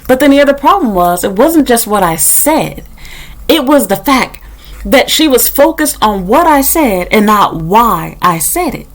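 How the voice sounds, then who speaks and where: A woman's voice: on the high side, sing-song, a little slow. A young woman vlogger ranting bluntly and sarcastically to her own camera, swearing freely as she tells a story. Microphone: camera mic.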